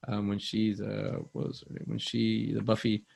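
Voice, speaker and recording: Male podcast co-host, gravelly and dry-miked, loose rambling delivery that slips into quoting lines. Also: on the low side, completely flat delivery, moderate pace, darkish tone, no echo. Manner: rambling, restarts, laughs, acts out quotes. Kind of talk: casual movie chat.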